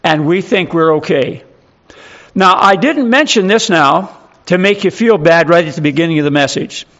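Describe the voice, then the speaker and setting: A man's voice: on the high side, expressive, moderate pace, fairly bright tone, muffled recording. A male pastor preaching a sermon, emphatic and full of rhetorical questions.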